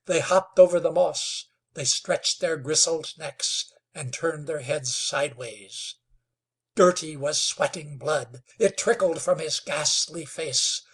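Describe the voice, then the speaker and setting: A man narrating a western novel in a slow, dramatic storytelling manner. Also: on the high side. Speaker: audiobook narrator. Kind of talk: scripted narration.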